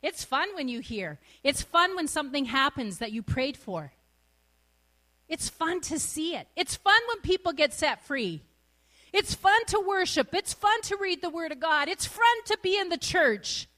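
High, lively, laughing woman preacher. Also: unhurried. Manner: exuberant, laughs often mid-sermon. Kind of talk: sermon.

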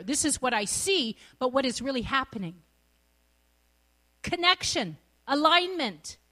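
Brief: middle-aged woman preacher, high voice with wide swings, bubbly and quick to laugh. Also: a bit bright. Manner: exuberant, laughs often mid-sermon. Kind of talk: sermon.

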